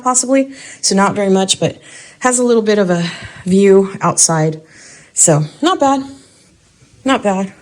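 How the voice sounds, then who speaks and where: A woman chats her way through a walk-through of an empty house, her voice sitting at an ordinary middle pitch. She thinks aloud, hedges her guesses, and keeps a relaxed, conversational tone. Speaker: vlogger giving a house tour. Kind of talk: casual walk-through narration.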